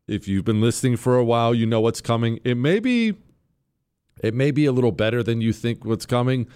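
A man's voice: mid-range voice, a little fast, a little mellow, clear, resonant tone. Brash, sarcastic male radio host. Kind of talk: talk radio monologue.

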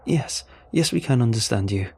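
A man's voice: moderate pace, vocal fry, warm tone, a little hiss or hum, close to an everyday voice. A man doing an eager, stammering young man. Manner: eager, stammering, raised pitch. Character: excited young man on an intercom. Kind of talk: storybook narration.

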